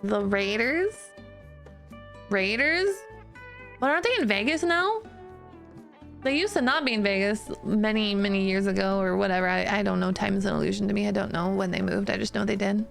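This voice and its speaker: A woman's voice: medium pitch, gravelly. A woman streamer chatting casually with her viewers in a giggly, self-deprecating way, often restarting her sentences.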